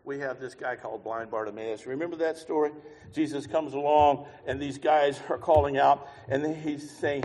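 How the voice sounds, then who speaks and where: Man preaching loud and soft in a hall. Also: mid-range voice, steady tone, normal speed. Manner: swings from quiet musing to loud shouted preaching; sings a hymn line mid-sermon. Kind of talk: sermon. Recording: long hall reverb.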